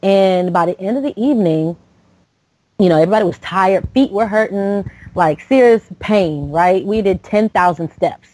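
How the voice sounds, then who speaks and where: A woman's voice: mid-range voice, moderate pace, mellow, dry recording, low-quality recording. A woman in her late thirties from Florida, a podcast host telling a personal story with lots of fillers and restarts. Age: late 30s. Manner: rambling, with many fillers and restarts.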